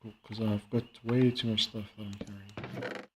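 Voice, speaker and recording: A man chatting casually while playing a game and reacting to a video, rambling and halting with many fillers. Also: on the low side, flat delivery, heavy background noise. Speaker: streamer. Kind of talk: casual gaming commentary.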